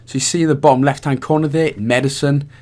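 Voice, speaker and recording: A Welsh man hosting a game walkthrough, his voice sitting at an ordinary middle pitch. He chats casually and rambles a little, tossing in self-mocking asides as he guides the viewer. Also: steady tone, fast, darkish tone. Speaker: gaming guide host.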